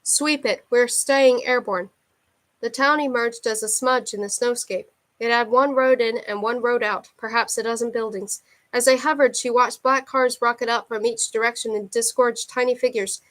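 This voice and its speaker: A woman's voice: a little high, fairly even intonation, normal speed, fairly bright tone. Woman reading a novel aloud. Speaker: audiobook reader.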